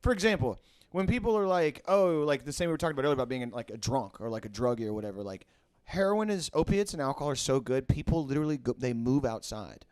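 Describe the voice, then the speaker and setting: A man chatting casually on a podcast, telling rambling, animated stories and acting out the people in them. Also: mid-range voice, fast, smooth, no room sound. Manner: rambling, animated storytelling with acted-out quotes.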